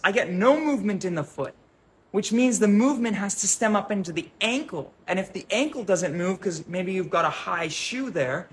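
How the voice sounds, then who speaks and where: A holistic health coach with a high-sitting voice speaks casually to a group, telling an animated story in which he acts out voices and gestures. Slight background noise can be heard.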